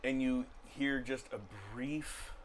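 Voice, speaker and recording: A man narrating and ruling as game master of a tabletop role-playing session, in a loose, unhurried way with frequent fillers. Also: mid-range voice, level tone, slight background noise.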